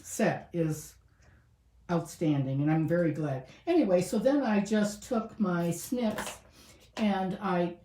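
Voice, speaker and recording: A woman's voice: on the low side, dark tone. A woman demonstrating card-making at her craft table, chatting and thinking aloud with fillers as she works. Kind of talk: casual crafting tutorial. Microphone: camera mic set above the work table. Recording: roomy sound with the mic some distance away.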